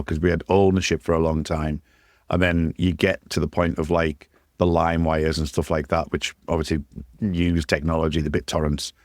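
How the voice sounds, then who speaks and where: A man's voice: deep voice, no echo, studio quality. A man hosting a podcast, chatty and easily amused, musing aloud on the topic. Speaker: podcast host. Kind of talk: casual podcast chat.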